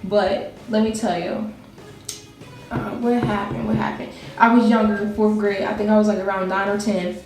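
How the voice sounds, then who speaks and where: A woman's voice: medium pitch, little pitch movement, moderate pace. Chatty young woman in an echoey room. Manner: chatty, rambling, laughs while telling. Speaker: vlogger telling a personal story. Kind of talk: casual storytime chat. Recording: very echoey room with faint music.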